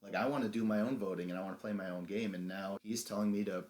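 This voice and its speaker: A man's voice: on the low side, fairly even intonation, fast, darkish tone. A young man co-hosting a podcast, animatedly retelling a reality show episode, acting out the lines and laughing often. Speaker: podcast co-host. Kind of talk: casual recap chat.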